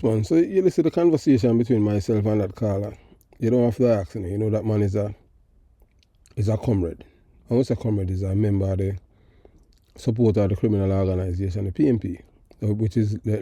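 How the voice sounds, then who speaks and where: Jamaican man, gravelly, very dark voice, emphatic talk-show host, middle-aged. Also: fairly low pitch, fairly even intonation, fairly quick, no echo, clean studio sound. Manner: emphatic, rambling, switches between patois and standard English. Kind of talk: political commentary.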